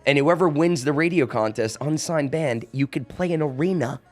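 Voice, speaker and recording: A male musician chatting casually as a podcast guest, easygoing and quick to laugh. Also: a little high. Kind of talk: casual chat. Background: guitar.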